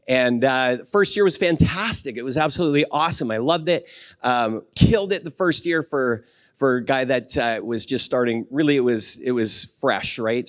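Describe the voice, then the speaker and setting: A man in his fifties giving a keynote talk at a conference, earnest and self-deprecating, pausing on fillers and choking up a little. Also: medium pitch, no echo. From Canada. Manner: earnest and self-deprecating, with frequent fillers and restarts, getting emotional. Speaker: keynote speaker.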